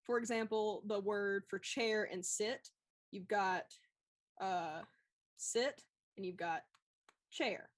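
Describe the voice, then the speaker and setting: A woman with a Southern American accent chatting casually as a livestream co-host, animated and laughing often. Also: medium pitch, takes it slowly, long pauses. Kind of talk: casual chat.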